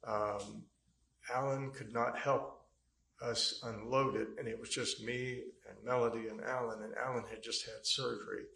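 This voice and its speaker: On an echoey courtroom mic, a man testifies as a trial witness, giving a long, rambling, hesitant account packed with fillers. His medium-pitched voice is flat and creaky, pushed and bright, at a normal speed.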